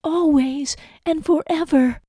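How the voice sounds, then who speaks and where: A woman reading an audiobook voices a young woman in love, raising her voice high into breathy, tearful pleading. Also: fairly even intonation, slow pace, dark tone, dry recording, studio quality. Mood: tender. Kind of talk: audiobook character voice.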